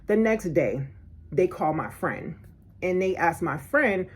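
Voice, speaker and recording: A woman vlogger telling a personal story in an animated, indignant way, acting out what people said. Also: lowish voice, slow, breathy edge. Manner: animated, indignant, acts out quotes. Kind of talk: storytelling vlog.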